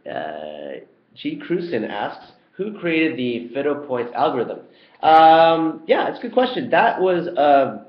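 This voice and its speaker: Chatty young man in a roomy, dull recording. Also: on the low side. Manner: relaxed and chatty, many ums and uhs. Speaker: startup co-founder answering community questions. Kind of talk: casual Q&A video.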